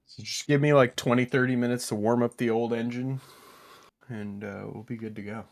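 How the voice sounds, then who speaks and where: A man's voice: medium pitch, fairly even intonation, brisk. A tired man playing in a tabletop game, chatting in a drowsy, laid-back way. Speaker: player. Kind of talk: casual chat.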